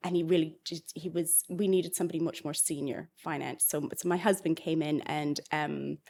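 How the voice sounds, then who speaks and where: A woman's voice: low-pitched, fairly even intonation, normal speed, creaky, dark tone. Canadian woman telling a story. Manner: chatty storyteller, laughs often. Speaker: author and guest. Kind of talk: podcast interview.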